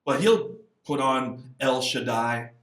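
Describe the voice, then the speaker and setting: A man, a missionary guest, talking casually in an interview, lively and acting out little quotes as he goes. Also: slow, roomy sound, distant mic. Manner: animated, acts out voices and quotes with big pitch jumps.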